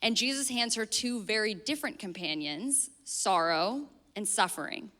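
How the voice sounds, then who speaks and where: Young female speaker, earnest reflective tone, bright edge, big hall reverb. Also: mid-range voice, expressive, moderate pace. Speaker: guest speaker. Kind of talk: sermon. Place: church stage before an audience. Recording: long reverb in a large hall.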